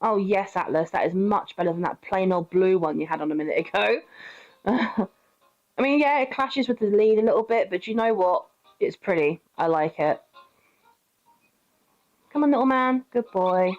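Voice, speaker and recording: A woman's voice: mid-range voice, normal speed, a little mellow. Brit girl streaming a pet game, swearing and laughing, cooing at her pup, kinda muffled audio. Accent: British. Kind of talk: casual gameplay commentary.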